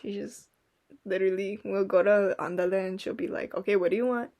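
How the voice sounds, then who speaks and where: A woman's voice: mid-range voice, steady tone, brisk, a little mellow. A young woman in casual podcast chat, telling rambling stories full of "like" and "um" and acting out quotes. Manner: rambling storytelling, lots of "like" and "um", acts out quotes. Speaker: podcast co-host.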